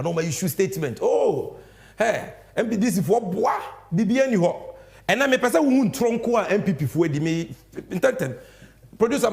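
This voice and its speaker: Animated Ghanaian man, high lively voice. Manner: emphatic, mixes English with Twi, sing-song stresses. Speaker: political show host. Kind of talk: animated political commentary. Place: studio.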